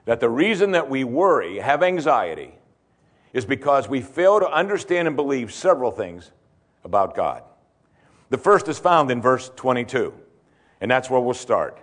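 Animated male pastor preaching a sermon. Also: medium pitch, moderate pace. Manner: rhetorical questions, repeats key points for emphasis. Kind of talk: expository sermon.

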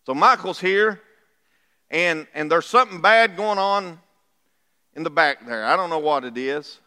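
A middle-aged pastor preaches in a folksy, conversational way, checking in with his congregation as he goes. His voice sits high and bright for a man. The sound carries a long reverberant tail from the church hall. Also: unhurried, clear, resonant tone. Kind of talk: sermon. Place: church sanctuary.

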